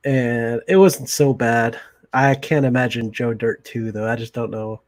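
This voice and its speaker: A man's voice: medium pitch, steady tone, unhurried, darkish tone, no echo. Laughing man retelling movie scenes. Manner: laughing, acts out movie lines in bursts. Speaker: podcast co-host. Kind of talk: casual movie chat.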